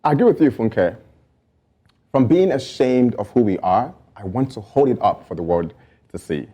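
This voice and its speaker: A man with a Nigerian accent, hosting a TV talk show and delivering a scripted monologue with humor and dramatic pauses. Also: medium pitch, animated, mellow. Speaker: show host.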